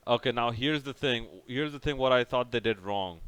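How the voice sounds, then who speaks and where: A man's voice: medium pitch, moderate pace, fairly bright tone, clear, resonant tone, no echo. A young man casually recapping a cricket match over by over, rambling and sarcastic, with many restarts. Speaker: cricket reviewer.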